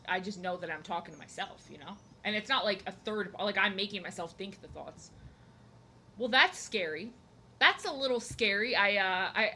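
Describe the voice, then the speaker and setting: Chatty young woman with a bright voice. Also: medium pitch, slight background noise. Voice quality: chatty, self-deprecating, many restarts and fillers. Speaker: art streamer. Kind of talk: casual rambling stream chat while drawing.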